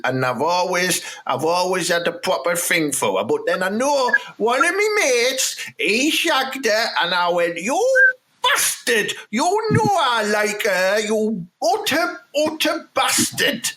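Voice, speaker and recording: A man's voice: high-pitched, very animated, measured pace, pushed and bright, heavily acted. A man doing a squealing, swearing old football manager. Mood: besotted ranting. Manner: swears constantly, squeals and rants. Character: foul-mouthed older male football manager. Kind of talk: comedy sketch impression.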